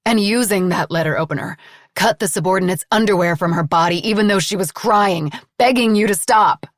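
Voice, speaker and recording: Cold insistent accuser, low-pitched woman, dry close sound, read by a woman narrator. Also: fairly even intonation, moderate pace, darkish tone, no echo. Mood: raised voice. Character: confronting woman, steady and relentless.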